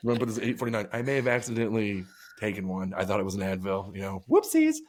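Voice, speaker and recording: Animated man telling crude stories. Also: lowish voice, very fast. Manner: crude, lively storytelling with acted quotes. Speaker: podcast co-host. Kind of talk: casual podcast chat.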